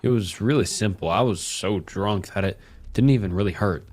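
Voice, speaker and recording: A man's voice: fairly low pitch, moderate pace, a little mellow, lightly acted. A man voicing a drunk, violent, self-pitying husband who rambles and swears crudely through a horror story. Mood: bitter, rambling.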